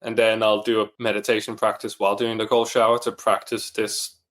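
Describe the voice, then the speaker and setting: A man speaks in a somewhat low voice, earnest and reflective as he shares his experience. He is a single father and coaching client in a casual interview chat. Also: flat delivery, brisk, fairly bright tone.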